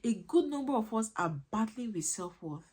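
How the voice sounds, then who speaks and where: An earnest woman coaching parents, her voice a little husky and breathy. She keeps circling back with rhetorical questions to press each point home. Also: on the high side, animated, moderate pace, darkish tone. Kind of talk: motivational teaching talk.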